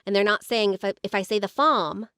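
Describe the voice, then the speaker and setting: An American woman on a podcast, speaking casually and often pausing on "um" and "like" while she gathers her thoughts. Her voice sits at a middle pitch, and the recording is dry and close. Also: monotone, fairly bright tone, smooth, no room sound. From United States. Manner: hesitant, many "um" and "like". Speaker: podcast co-host, former special-education teacher. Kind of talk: casual chat.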